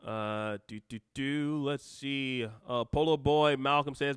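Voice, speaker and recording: A man's voice: medium pitch, slow pace, smooth, dry recording, studio quality. A man hosting a live stream, reading out comments and taking calls, rambling and cutting himself off with joking asides.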